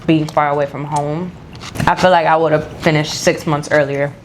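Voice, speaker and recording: A woman's voice: sits low, fairly even intonation, normal speed, slight background noise. A young woman co-hosting a casual eating video, candidly reflecting on her past with lots of filler words. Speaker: co-host. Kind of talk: casual chat.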